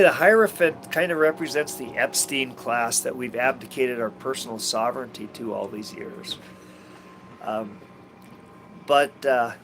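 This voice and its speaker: A man reading tarot on a rambling livestream, his voice sitting a little high for a man. He talks haltingly, restarts often and fills gaps with ums. A faint hiss of noise runs under the recording. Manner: halting, many restarts and fillers, scornful asides. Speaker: tarot reader and channel host.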